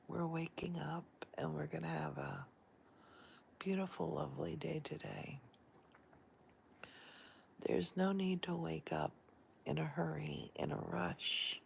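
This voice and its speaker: A just-woken woman whispers a gentle guided meditation from bed, slow and unhurried. Her low voice is heavily gravelly and croaky, picked up close by a handheld phone. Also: a little hiss or hum. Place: in bed, indoors. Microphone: handheld phone camera.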